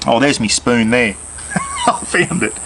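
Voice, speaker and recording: A man's voice: mid-range voice, animated, a little slow, background noise. A man with an Australian accent hosting a casual cooking demonstration, chatting straight to his viewers as he cooks outdoors. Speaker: cooking channel host.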